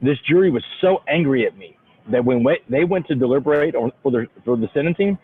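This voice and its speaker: A man's voice: mid-range voice, expressive, a little fast. A man, telling his life story as a motivational speaker in a folksy way, calling in from an airport. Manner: folksy, keeps saying y'all. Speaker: guest speaker. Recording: tinny phone line, faint noise.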